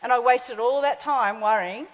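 A woman in her fifties preaches a sermon, telling stories and acting out the voices of the characters. Her voice is on the high side at normal speed, and a long hall reverb surrounds it.

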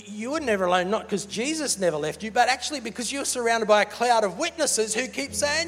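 A man preaching a sermon as pastor, animated and playful, laughing between points. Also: extremely high pitch, brisk. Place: large church hall. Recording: church hall with reverb and faint music.

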